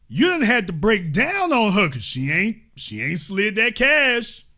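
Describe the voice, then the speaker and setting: A man's voice: sits high, huge pitch swings, a little slow, bright, forceful tone. A man hosting a profane, comedic political rant, often acting out the voices of the people he quotes. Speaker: political commentary host.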